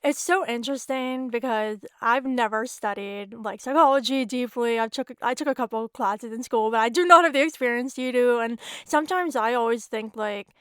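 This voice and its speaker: A woman's voice: fairly high pitch, brisk, hardly any pauses, a bit bright, smooth, no room sound, studio quality. A young woman hosting a podcast, talking candidly and casually, often saying "like". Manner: candid, chatty, says "like" often. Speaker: podcast host and author. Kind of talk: casual conversation.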